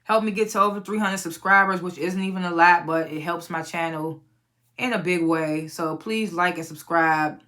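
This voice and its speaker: A woman's voice: lowish voice, normal speed, bright, forceful tone. A woman hosting her own review channel, recapping a TV episode in a casual, profane way and acting out the characters' lines as she goes.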